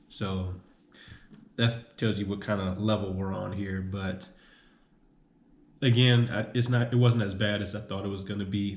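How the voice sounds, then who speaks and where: A young man with a fairly low voice talks casually to the camera, circling back and repeating points with plenty of "um"s. The sound is roomy and echoey, as though he is filming in a bare room at home. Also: slight background noise. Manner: rambling, repeats himself, many "um"s. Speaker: vlogger. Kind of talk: casual vlog monologue.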